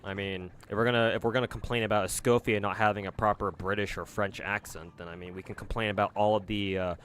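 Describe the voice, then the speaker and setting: Brief: casual male streamer, low voice, rambling chat with fillers, faint hiss behind. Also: fairly even intonation, fast, fairly bright tone.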